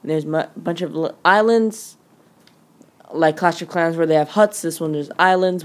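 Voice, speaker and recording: A woman narrates her mobile gameplay in a casual, rambling way, filling gaps with "like" and "um". Her voice sits fairly low for a woman. She hurries along as she flips between screens. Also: fairly even intonation. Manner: rambling, casual, quick with fillers. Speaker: gaming channel host. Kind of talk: gameplay commentary.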